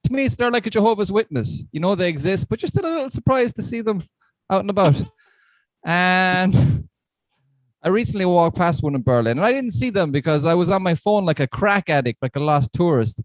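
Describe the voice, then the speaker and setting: A man delivers a stand-up set over a live stream, rambling and self-mocking, chuckling at his own lines. His voice sits a bit high for a man and sounds dry and close, with no room around it. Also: lively intonation, a little fast, no room sound. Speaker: stand-up comedian.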